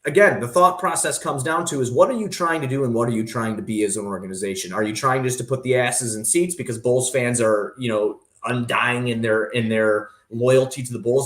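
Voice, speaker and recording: Opinionated man, echoey room. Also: mid-range voice. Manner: animated, opinionated, talks fast with many fillers. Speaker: guest sports writer. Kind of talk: sports talk radio discussion.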